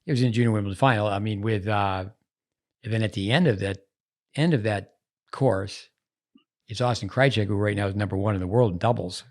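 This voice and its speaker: A man's voice: lowish voice, fairly quick, darkish tone. A man hosting a podcast, chatting casually and drifting from one story to the next as he goes. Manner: rambling, digressive storytelling. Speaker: podcast host. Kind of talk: casual conversation.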